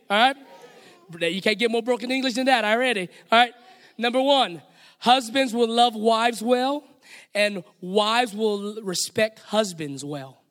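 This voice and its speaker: A man's voice: very high voice, a bit bright. A man with a Hawaiian accent preaching a sermon as pastor, playful and direct, calling on the congregation to repeat lines back to him. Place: church sanctuary. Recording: long hall reverb.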